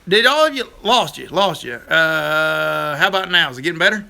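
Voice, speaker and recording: A man's voice: on the high side, animated, normal speed, gravelly, bright, forceful tone. A middle-aged man hosts a casual live stream, chatting folksily with viewers and laughing easily.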